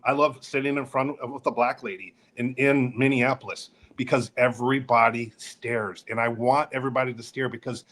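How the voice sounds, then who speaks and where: A man's voice: mid-range voice, a bit bright. A man co-hosting a podcast, talking in a plainspoken, earnest way while interviewing a guest. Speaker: podcast co-host.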